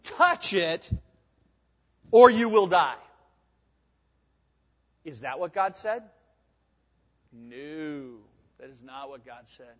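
A male pastor preaching a sermon in a church sanctuary, swinging between hushed and emphatic delivery. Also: fairly high pitch, sing-song, extremely slow, pauses often. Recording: dull sound with long hall reverb.

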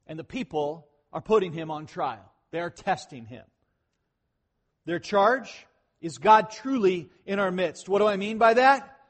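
A man preaching a sermon in a conversational way, swinging between loud emphatic lines and quiet asides. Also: high-pitched. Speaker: pastor.

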